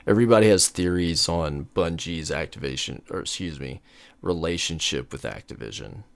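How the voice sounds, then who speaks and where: Deep-voiced male podcast co-host, measured and analytical, dry close mic. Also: dry recording. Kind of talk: casual gaming podcast chat.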